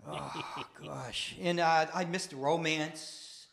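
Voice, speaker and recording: An older man performing stand-up comedy in a wry, deadpan, self-mocking storytelling manner. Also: a little high, slow pace, vocal fry, slight background noise. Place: studio stage with live audience.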